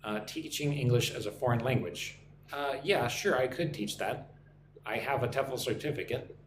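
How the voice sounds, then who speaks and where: An American man teaching English on a live stream, speaking slowly and repeating phrases for learners to copy. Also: medium pitch, reverberant, slight background noise. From United States. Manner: slow, careful, repeats phrases for learners to shadow.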